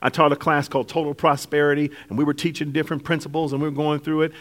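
A man preaching a sermon to a congregation, shifting between hushed, drawn-out lines and loud, laughing bursts. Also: fairly high pitch. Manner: animated preaching, swings from hushed to shouting, laughs often. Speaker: pastor.

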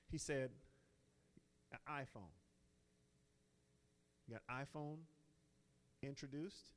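A man preaching a sermon, swinging from slow, soft quoted prayers up to loud, exclaimed lines. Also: fairly high pitch.

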